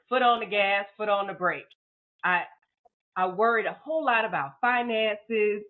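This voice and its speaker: A woman telling a hard personal story as a podcast guest, heartfelt and a little emotional. She often repeats words and voices her own past thoughts aloud. Her voice comes through a narrow, phone-like line at a mid pitch. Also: moderate pace.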